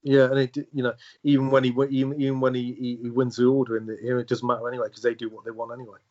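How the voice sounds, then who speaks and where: A man, a podcast guest, telling a personal story in a halting way, with many restarts and repeated words. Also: mid-range voice, flat delivery, a little mellow, dull audio. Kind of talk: conversational storytelling.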